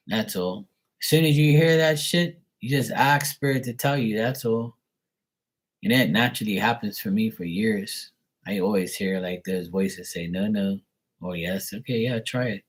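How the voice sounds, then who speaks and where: A man's voice: on the low side, poor audio. A man, a live tarot reader, telling a casual story in a rambling, slangy way, full of "like" and "you know". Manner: rambling, slangy, heavy use of "like".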